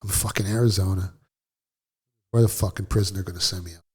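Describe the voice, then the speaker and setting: This middle-aged interview guest talks fast in a low, husky, darkish voice with fairly even intonation. His casual account is blunt and full of swearing, with vivid retelling throughout.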